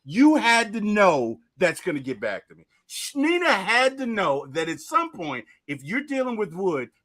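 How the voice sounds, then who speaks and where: A man's voice: sits high, big pitch swings, a little slow, fairly bright tone. A man co-hosting a casual debate about a film, talking animatedly and breaking into laughs and exclamations. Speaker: co-host.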